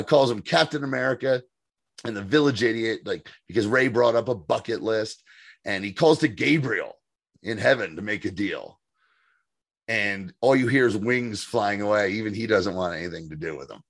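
A man's voice: fairly low pitch, gravelly, no echo. A man co-hosting a podcast, recapping in casual chat, rambling, swearing freely and laughing often. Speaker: podcast co-host.

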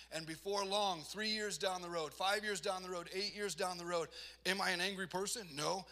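A man's voice: sits high, fairly even intonation, normal speed, sharp tone. A man giving a personal testimony sermon, earnest and self-deprecating, building to emphatic, rising delivery. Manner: self-deprecating, laughs at himself.

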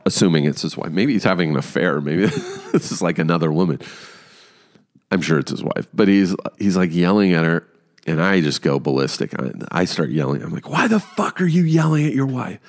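Deep-voiced man telling a story with lots of swearing. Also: brisk. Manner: profane, animated storytelling. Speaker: podcast host. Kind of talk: casual storytelling monologue.

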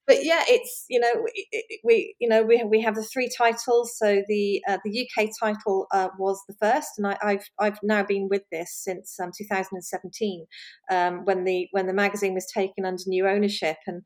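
A chatty woman speaks as an interview guest. Her voice sits at an ordinary middle pitch. She laughs often and trips over her own restarts. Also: level tone, normal speed, a little mellow. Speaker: magazine editor, guest. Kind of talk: conversational interview.

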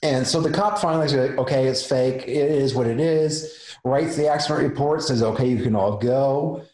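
A man's voice: mid-range voice, moderate pace. A man, a special effects makeup artist, telling a story casually and acting out the voices of the people in it. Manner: animated, acts out the voices in his story. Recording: roomy echo.

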